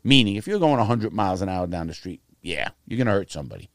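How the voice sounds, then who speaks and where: Blunt, profane middle-aged American man for casual chat; low, animated voice, recorded dry and close. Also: fast talker, no echo. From United States. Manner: profane, blunt storytelling with lively quoted voices. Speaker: guest telling his life story.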